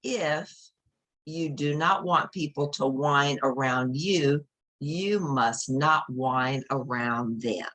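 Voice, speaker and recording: A woman reading a children's picture book aloud, gently explaining each page to young listeners. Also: very deep voice, slow.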